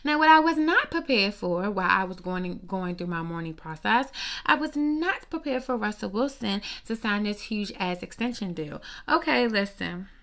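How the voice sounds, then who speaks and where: A woman ranting in a casual, profane gossip monologue, sassy and animated, with lots of rhetorical questions. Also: medium pitch, normal speed. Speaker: commentator. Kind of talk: casual celebrity gossip rant.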